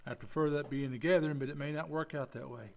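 A man's voice: fairly high pitch, steady tone, quick pace, gravelly. A man preaching a folksy sermon as pastor, acting out the people he quotes. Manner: folksy, acts out quoted voices.

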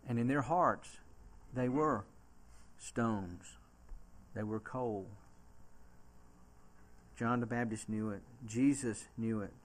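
A man with a Southern US accent preaching a sermon as a pastor, reading scripture aloud slowly and swinging from soft, low delivery to loud, emphatic preaching.

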